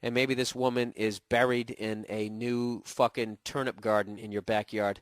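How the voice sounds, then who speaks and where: A man's voice: mid-range voice, little pitch movement, normal speed, few pauses, no room sound, studio quality. Profane, sarcastic man with a Boston accent. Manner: profane, sarcastic, mocking impressions. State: getting over a cold, voice cracking. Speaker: podcast host answering listener emails. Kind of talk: casual ranting monologue.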